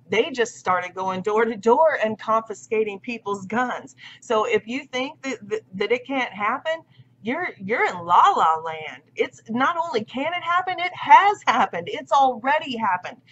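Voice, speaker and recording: A woman's voice: on the high side, fairly bright tone, a little hiss or hum. A woman in her thirties talking to camera in a casual vlog monologue, emphatic and insistent, often repeating her points. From United States. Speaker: vlogger. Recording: dull lo-fi audio.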